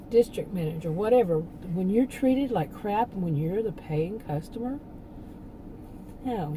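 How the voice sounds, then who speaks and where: A woman talks loosely and at length, her sentences breaking off and restarting as she laughs between thoughts. Her voice is very dark and mellow. A faint hum sits under the recording. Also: mid-range voice, poor audio. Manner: rambling, with frequent laughs and restarts. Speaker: channel host. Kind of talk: casual opinion monologue.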